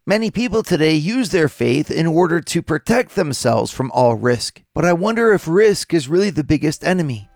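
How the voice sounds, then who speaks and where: Man, priest, gospel reflection, gravelly, dry close sound, faint music underneath. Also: fairly high pitch, no echo. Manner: measured, questioning preacher's delivery.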